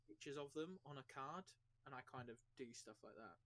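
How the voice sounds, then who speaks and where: A man's voice: mid-range voice, lively intonation, brisk, pushed and bright. A man who is a guest on a casual panel chat, talking hesitantly and self-deprecatingly about his own game-running. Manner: hesitant, many fillers and restarts, self-deprecating.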